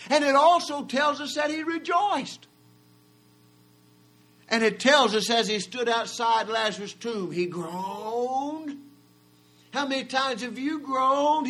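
A man preaching a sermon. He builds to loud shouted peaks and then drops low. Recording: mains hum in the background.

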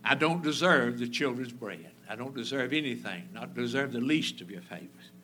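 A man's voice: medium pitch, lively intonation, moderate pace, sharp tone. A man voicing a humble ancient woman who pleads and abases herself, within a sermon. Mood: pleading. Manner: pleading, self-abasing.

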